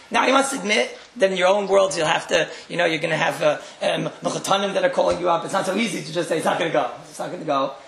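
Male rabbi, religious talk; gravelly, wry storyteller who repeats for effect; room echo. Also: sits high, fairly bright tone. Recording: roomy echo.

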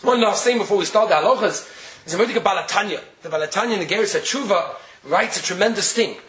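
A man's voice: sits high, fast talker, fairly bright tone, echoey room. A man giving a Torah lecture, telling stories and asking rhetorical questions. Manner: storytelling, rhetorical questions, Yiddish and Hebrew terms. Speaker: Torah teacher.

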